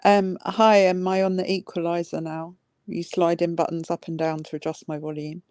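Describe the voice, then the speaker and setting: A woman's voice: fairly low pitch, flat delivery, normal speed, a little mellow, no room sound, studio quality. A woman with an English accent, a bubbly guest on a casual livestream who laughs often, speaking over a computer mic. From England. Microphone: computer mic on a call.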